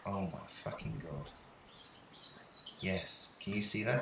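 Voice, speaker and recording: A low-voiced man with a gravelly edge, gasping out awed, emotional remarks on a live stream. He sounds set back from the mic, with a roomy echo and loud outdoor noise around him. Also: slow pace, far from the mic. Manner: awed and emotional, breathless exclamations. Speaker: live streamer filming the sky.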